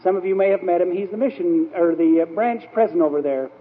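A man's voice: high-pitched, fast talker. A man telling stories in a sermon, rambling and anecdotal with frequent fillers. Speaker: church speaker. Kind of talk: storytelling sermon. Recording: tinny, echoey old hall recording.

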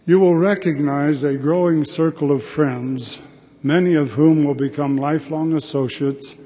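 A man's voice: fairly high pitch, dark tone. Older man giving a devotional address. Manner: plain, measured, thoughtful delivery. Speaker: devotional speaker. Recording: long hall reverb.

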